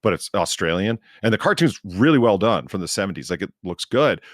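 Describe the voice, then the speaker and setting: A man's voice: lowish voice, very animated, fairly quick, dry recording, clean studio sound. A man co-hosting a podcast, telling wry, opinionated stories in casual banter.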